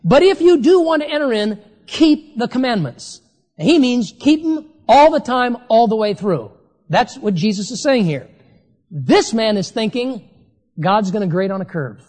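Preacher, sermon delivery, emphatic, slows down to stress key words, big hall reverb. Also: mid-range voice, sing-song, a little mellow.

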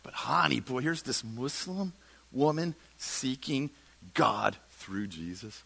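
Brief: middle-aged male church speaker, bright-toned, animated anecdotal storytelling. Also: measured pace, creaky, husky. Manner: animated storyteller, quotes others in lowered voice. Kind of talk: storytelling sermon talk.

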